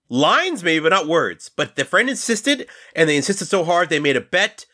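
A man's voice: sits high, very animated, a little fast, few pauses, sharp tone. A man hosting a casual movie podcast, telling stories and speaking to the listeners. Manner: storytelling, addresses listeners. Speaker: podcast host.

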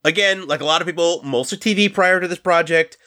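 A man's voice: on the high side, a little fast, sharp tone. A man hosting a casual movie podcast, telling stories and speaking to the listeners. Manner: storytelling, addresses listeners. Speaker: podcast host.

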